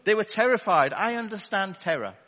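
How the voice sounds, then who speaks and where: A man's voice: high voice, animated, fairly quick, sharp tone. A man preaching a sermon to a live congregation, conversational and wry, throwing rhetorical questions at his listeners over a wireless microphone. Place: church hall with a live congregation. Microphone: wireless battery microphone. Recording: long reverb of a large hall.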